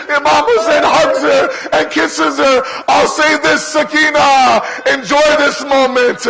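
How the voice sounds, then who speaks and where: A man's voice: very high-pitched, level tone, measured pace, vocal fry, hardly any pauses, rough recording. A man preaching a mourning sermon with impassioned narration that rises to cries. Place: gathering hall.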